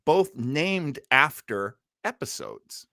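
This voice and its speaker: A man's voice: on the high side, wildly swooping pitch, takes it slowly, vocal fry, bright, forceful tone, no room sound, clean studio sound. A man hosting a podcast in casual chat, enthusiastically sharing nerdy trivia. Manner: enthusiastic, self-described nerdy, shares trivia. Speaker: podcast host.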